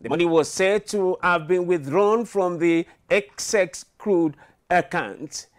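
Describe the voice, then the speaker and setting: A Nigerian man anchoring a television news bulletin, reading in a measured, formal way. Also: high-pitched.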